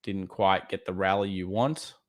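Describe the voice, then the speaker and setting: A man's voice: deep voice, fairly even intonation, normal speed. An Australian man hosting a live trading stream, giving blunt, casual market commentary and answering chat questions. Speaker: trading livestream host.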